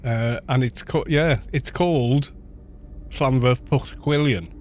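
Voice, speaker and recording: A man's voice: medium pitch, takes it slowly, a little mellow, a little hiss or hum. A man with a North Welsh accent, a streamer chatting casually and rambling with frequent restarts. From North Wales. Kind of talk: casual chat.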